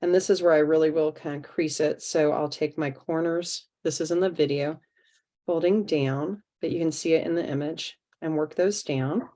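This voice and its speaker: Speaking at normal speed in a low, steady, mellow voice, a woman guides an online craft workshop over video call. She chats while working, explaining the project step by step as the art teacher.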